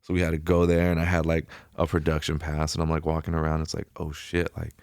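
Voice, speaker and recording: A young man with a very low, deep voice tells stories as a podcast guest. He talks loosely and casually, with slang and constant "like" fillers. The sound is dry and close to the mic. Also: fast, vocal fry, dry recording. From Ventura County, California. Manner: relaxed, slangy storytelling, filler "like" everywhere. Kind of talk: casual storytelling interview.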